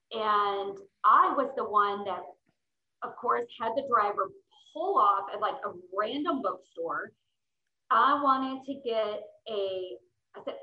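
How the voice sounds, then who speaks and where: A middle-aged woman, a podcast guest, telling travel stories in an enthusiastic, chatty way. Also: mid-range voice. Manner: enthusiastic, storytelling. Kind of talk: casual interview chat. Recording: roomy, slightly dull sound.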